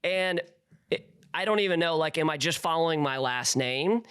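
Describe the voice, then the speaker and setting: A young man, a pastor and co-host, chatting casually, animated and rambling, laughing often. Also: fairly high pitch, normal speed, clean tone. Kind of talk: casual chat.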